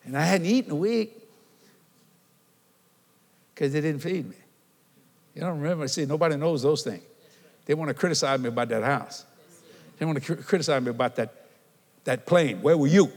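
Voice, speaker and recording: An older man delivers an animated sermon in a husky, somewhat high voice. He tells stories and keeps checking in with the congregation, and his words ring out with a long reverb from the church hall. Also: normal speed, long pauses. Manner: animated storytelling, calls and responses with the congregation. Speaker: preacher.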